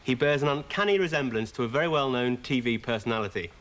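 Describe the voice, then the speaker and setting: A man's voice: mid-range voice, quick pace, fairly bright tone, close to an everyday voice. A man playing a polite, patient chat show interviewer with reassuring presenter patter, in a studio sketch.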